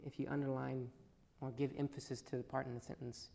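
A man preaching a sermon, swinging between loud emphatic passages and hushed asides. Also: mid-range voice, fairly even intonation, fairly quick, gravelly. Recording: long reverb in a large hall.

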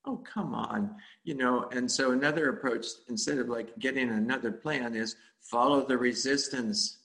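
A man's voice: medium pitch, moderate pace, a bit bright. A man teaching meditation in a dharma talk, speaking in a rambling, conversational way with frequent chuckles.

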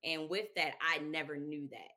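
Low-pitched woman, children's author guest, animated storytelling, frequent laughs. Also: moderate pace. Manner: animated, laughs often, acts out quotes. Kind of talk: casual interview storytelling.

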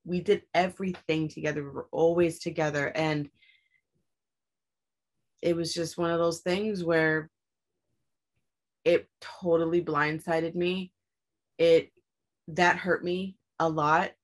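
Young woman, lower-pitched, casual and profane storyteller, animated when quoting herself. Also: slow pace, long pauses. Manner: candid and profane, acts out her own quoted lines with sharp rises in pitch. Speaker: guest telling her story.

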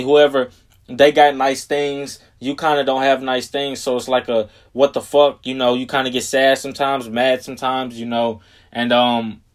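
Profane rambling young man podcasting. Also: medium pitch. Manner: profane, rambling, slows down to stress key phrases. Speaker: podcast host. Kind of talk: casual solo podcast talk.

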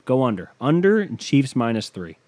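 A man's voice: mid-range voice, very animated, normal speed, darkish tone. A man hosting a casual solo podcast, offhand and profane as he reads betting odds aloud. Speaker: podcast host.

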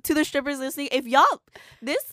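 A woman's voice: sits high, fairly quick, no echo, clean studio sound. A woman co-hosting a casual podcast, talking bluntly with lots of swearing. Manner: blunt, profane, animated storytelling. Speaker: podcast co-host. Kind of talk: casual chat.

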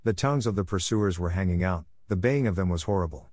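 Low-voiced man reading a storybook. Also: quick pace, darkish tone, dry recording, clean studio sound. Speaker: narrator. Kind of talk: storybook audiobook narration.

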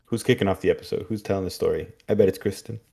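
A man's voice: deep voice, fairly even intonation, rapid-fire, gravelly, dark tone. A man co-hosting a podcast, trading wry jokes in casual recap chat. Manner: wry, jokey asides. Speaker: podcast co-host.

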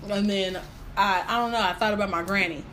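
With a brisk pace and medium pitch, a young woman recounts her story as a guest in a casual chat, playing out what others said. A little background noise is audible.

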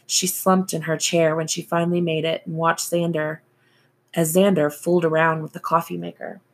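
A woman narrating a novel as an audiobook reader, in a slow, even storytelling manner. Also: low-pitched.

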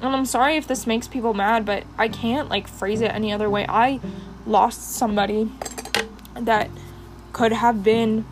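Impassioned young woman, higher voice. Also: fairly even intonation, normal speed, over music, rough recording. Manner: impassioned, rambling, with many fillers; does her makeup while talking. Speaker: podcast host. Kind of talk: personal monologue podcast.

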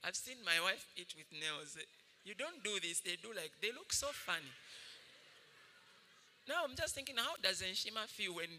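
A male pastor preaches with sharp, bright energy, his pitch leaping all over. He tells stories and laughs freely as he goes. His voice rings through a reverberant hall. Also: moderate pace, a little hiss or hum. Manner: animated storytelling, laughing often. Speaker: senior pastor. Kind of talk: sermon.

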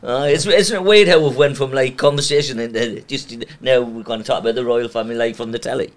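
A man's voice: medium pitch, fast, a little hiss or hum. Chatty man. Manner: banter with frequent laughter and "aye". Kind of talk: casual chat.

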